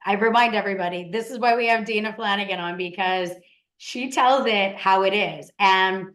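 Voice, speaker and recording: An emphatic woman hosts a casual interview at a middle pitch. She talks with open enthusiasm, and she leans hard on her key points. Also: normal speed, a bit bright. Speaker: interview host.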